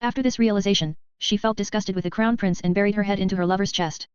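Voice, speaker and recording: A woman reading a web novel as an audiobook in a quick, even narration with barely changed character voices. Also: mid-range voice, clear, resonant tone, no room sound. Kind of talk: scripted narration. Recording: slightly dull, dry sound.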